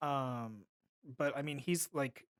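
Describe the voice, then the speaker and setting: A man co-hosting a podcast in relaxed, chatty conversation, often quoting lines. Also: mid-range voice, slow, clear, resonant tone. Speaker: podcast co-host. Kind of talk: casual chat.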